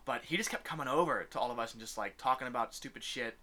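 A man's voice: medium pitch, fast, sharp tone, slight background noise. A young man telling a story in a casual chat, swearing freely and laughing often. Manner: profane, ranting, laughs often.

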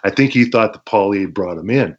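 Guest, man from Canada: low voice, relaxed storyteller who acts out quotes, lo-fi podcast sound. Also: brisk. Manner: laid-back, laughs often, acts out quotes. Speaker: wrestler telling stories as guest. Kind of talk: casual storytelling interview. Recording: dull lo-fi podcast audio.

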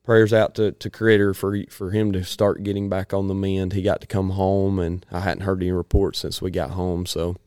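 A man talks through a casual chat in a rambling, folksy way, pausing often to clear his throat. His voice sits low and sounds smooth and resonant. The recording is dry and close. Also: little pitch movement, darkish tone, no room sound.

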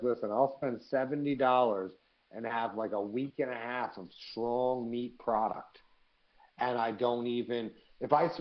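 Profane, animated man on a podcast. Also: mid-range voice, lo-fi sound. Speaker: podcast co-host. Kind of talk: casual chat.

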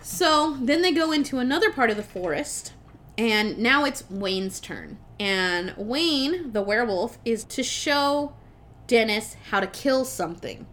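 A young adult woman co-hosts a podcast, recapping a movie plot in a casual, animated way, swearing freely and laughing as she retells it. Her voice sits fairly high and she speaks at an unhurried pace.

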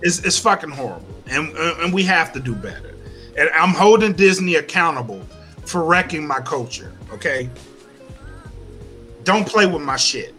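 A man hosting a casual podcast, ranting loudly with heavy swearing. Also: on the high side, lively intonation, normal speed, faint music behind. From Louisiana. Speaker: podcast host. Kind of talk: casual chat.

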